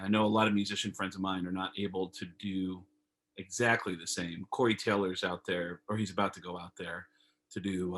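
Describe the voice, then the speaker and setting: Man, comedian, low voice, husky tone, animated storyteller, video call. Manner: animated storyteller, acts out phone calls in raised voices. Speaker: comedian guest.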